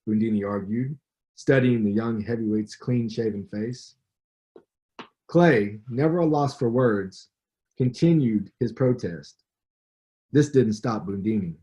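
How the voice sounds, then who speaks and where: A man's voice: medium pitch, animated, moderate pace, warm tone. A man, the author, reading from his book and adding commentary in a conversational storytelling way.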